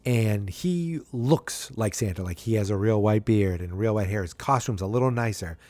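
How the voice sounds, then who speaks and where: A man casually recapping a sitcom episode, rambling with frequent ums and restarts, and jumping into a higher voice to act out the characters' lines. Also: animated, moderate pace, a little mellow, dry recording. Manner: acts out characters' quotes in a higher voice.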